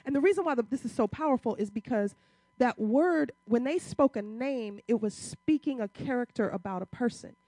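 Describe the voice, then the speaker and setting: High-voiced impassioned woman preacher. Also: lively intonation, moderate pace, dry recording. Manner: impassioned, rising to loud emphatic peaks; uses casual church vernacular, rhetorical questions. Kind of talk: sermon.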